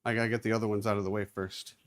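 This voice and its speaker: A man's voice: fairly low pitch, flat delivery, racing. A man hosting a casual live stream, chatting and narrating what he is doing as he moves around a carpeted room. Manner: chatty, narrating his own hands-on tasks, moving around the room. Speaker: livestream host. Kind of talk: casual live-stream chat while working. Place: indoor room with carpeted floor.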